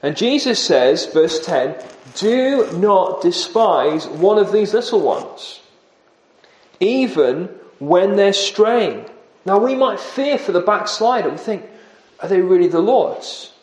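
A man's voice: high-pitched, animated, takes it slowly, a little mellow, roomy sound, low-quality recording. A man preaching an earnest expository sermon, often dropping his voice for emphasis.

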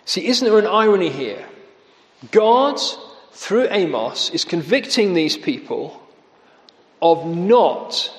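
A man's voice: sing-song, slow. A man preaching a sermon. He speaks with sarcasm and mocks his quoted lines by lifting his voice. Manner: sarcastic, mocking quotes with rising pitch. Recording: echoey hall.

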